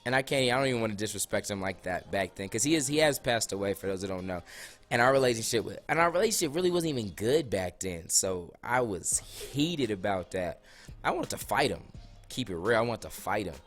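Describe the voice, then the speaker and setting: A man's voice: lowish voice, animated, a little fast, fairly bright tone, soft background music. A young man in casual, slangy storytime, losing his voice a little. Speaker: vlogger.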